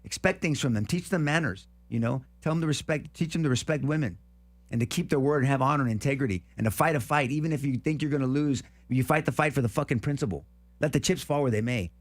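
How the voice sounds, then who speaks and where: A man's voice: mid-range voice, fast. Fervent preachy man on a talk panel. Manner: fervent, preachy, repeats words when worked up. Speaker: talk show co-host. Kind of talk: passionate opinion monologue.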